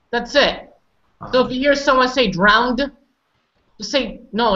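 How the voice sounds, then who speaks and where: A woman's voice: a little high, expressive, measured pace, bright, forceful tone. Female pronunciation teacher, patient and corrective, on muffled lo-fi call audio. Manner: patient, correcting and prompting students. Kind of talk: online class instruction.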